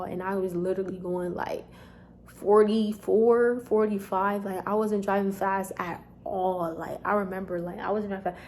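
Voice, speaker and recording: A young woman, telling a storytime vlog straight to her viewers in an animated, chatty way. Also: mid-range voice, a little hiss or hum. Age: young adult. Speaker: vlogger.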